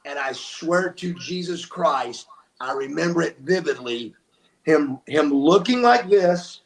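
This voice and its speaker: A man's voice: fairly high pitch, lively intonation, slow, gravelly, slight background noise. An older man, telling stories as an interview guest, emphatic and acting out what people said. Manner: emphatic, acts out quotes. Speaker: guest, former wrestler. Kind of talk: animated storytelling.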